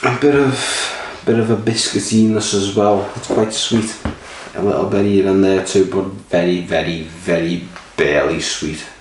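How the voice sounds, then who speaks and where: A man's voice: sits low, steady tone, a little slow, a little hiss or hum. A man rambling casually and swearing while reviewing a beer, a little sleepy. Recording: roomy echo, mic at a distance.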